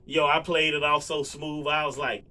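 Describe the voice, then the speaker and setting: Laid-back dude w/ rambling a story to the cam, um's and you-knows everywhere, bright voice. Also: male voice, a little high, moderate pace. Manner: relaxed, rambling, lots of fillers and asides to viewers. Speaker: vlogger. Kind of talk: casual storytelling to camera.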